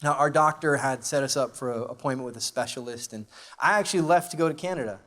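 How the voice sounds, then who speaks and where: A man gives a heartfelt personal testimony from a conference stage, speaking into a microphone before a large live audience. His delivery is conversational and emotional, loose with fillers, on a voice of ordinary middle pitch. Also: fast talker, a bit bright. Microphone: handheld or stage microphone.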